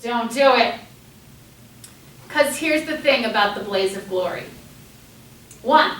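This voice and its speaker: A woman teaching a class, talking in a lively way and acting out the panicked voices of students. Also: a little high, unhurried, pauses often, slight background noise. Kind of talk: classroom lecture. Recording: echoey classroom, mic at a distance.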